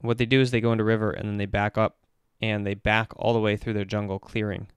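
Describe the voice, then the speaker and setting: A man who works as an esports performance coach gives casual, animated commentary as he breaks down a game replay step by step. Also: fairly low pitch, quick pace, smooth, no echo.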